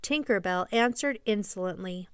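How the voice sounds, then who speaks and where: Woman narrator, storybook reading, gentle even pace, smooth clear voice, dry close sound. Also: medium pitch, moderate pace, no echo. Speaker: podcast storyteller.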